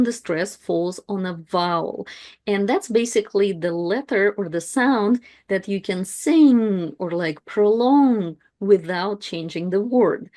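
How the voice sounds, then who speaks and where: A woman's voice: medium pitch, darkish tone. A woman teaching an online language lesson, explaining step by step in a casual way with frequent fillers.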